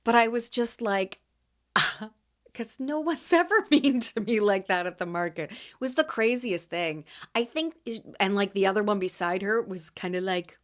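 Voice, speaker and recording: A woman in her thirties from Canada, hosting a casual solo podcast and telling lively stories about her market stall. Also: mid-range voice, unhurried. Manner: chatty, animated storyteller acting out quotes. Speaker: podcast host and market vendor.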